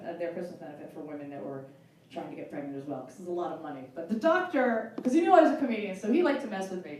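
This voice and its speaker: A woman in her forties doing a self-mocking stand-up set on a live stage, chatty and quick to laugh. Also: medium pitch, darkish tone. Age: 40s. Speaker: stand-up comedian. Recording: roomy live hall from far off.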